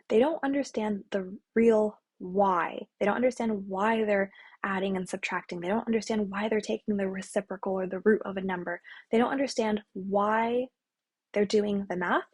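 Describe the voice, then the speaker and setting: A young woman math tutor speaks to parents in a husky, slightly breathy voice at a mid pitch. She talks earnestly and plainly, restarting sentences and checking in with a quick "right?" along the way. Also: a little mellow. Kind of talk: talking-head explainer to parents.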